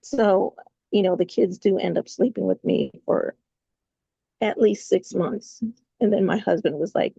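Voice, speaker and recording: A woman with a mellow, raspy voice, talking as a podcast guest. She tells her story haltingly, full of fillers and restarts. The recording is dry and slightly lo-fi. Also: medium pitch, no echo. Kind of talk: personal storytelling in an interview.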